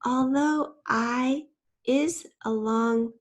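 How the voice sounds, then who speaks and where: A woman's voice: on the high side, lively intonation, a little slow. A woman teacher patiently explaining spelling rules in a playful, step-by-step way. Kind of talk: spelling lesson.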